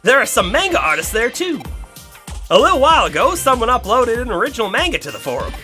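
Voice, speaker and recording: Brief: man doing a gossipy young country girl, high and bright, folksy drawl. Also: sing-song, fast talker, faint music behind, full character voice. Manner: folksy drawl, double negatives. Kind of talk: reading game dialogue aloud.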